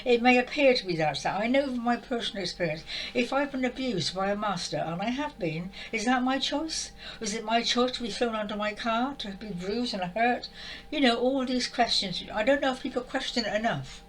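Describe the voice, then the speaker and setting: Older woman, tearful and exasperated, animated rising and falling delivery, heartfelt monologue to camera. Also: on the high side, a little fast, low-quality recording. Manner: upset, exasperated, repetitive. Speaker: spiritual channel speaker.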